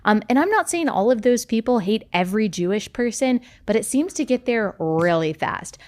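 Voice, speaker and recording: A woman's voice: fairly high pitch, animated, normal speed, a little mellow. A woman speaking as a guest in an interview, choosing her words carefully. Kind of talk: interview talk.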